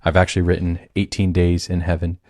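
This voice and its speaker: A man giving a personal testimony in a forceful, declarative way. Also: low-pitched, completely flat delivery, quick pace, no echo.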